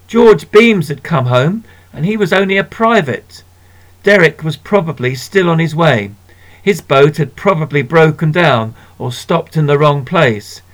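A man narrating a children's story in a measured, gentle way. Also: fairly high pitch. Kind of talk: storybook reading.

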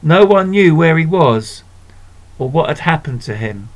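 A man narrating a children's story in a measured, gentle way. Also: on the high side, expressive. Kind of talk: storybook reading.

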